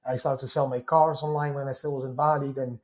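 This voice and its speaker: A man with a Dutch accent, a guest in an interview, telling his story in an animated way with many quick restarts. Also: medium pitch. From Netherlands.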